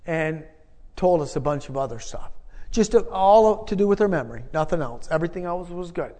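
A man's voice: a little high, lively intonation, fairly quick, warm tone. A middle-aged man preaching a testimony, telling a family story in an emphatic, conversational way with repeated phrases. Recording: long reverb of a large hall.

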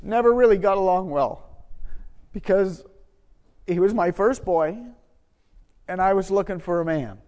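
A middle-aged man preaching a sermon, conversational and self-deprecating, building to loud emphatic moments. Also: high voice, unhurried, pauses often. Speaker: pastor. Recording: long hall reverb.

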